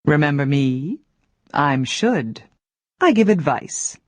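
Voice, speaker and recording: A woman voicing a cartoon word character who gives clear advice in an educational cartoon. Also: sits low, very animated, takes it slowly, darkish tone, no echo, exaggerated voice. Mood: advising. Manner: clear, advising. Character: female cartoon word giving firm advice.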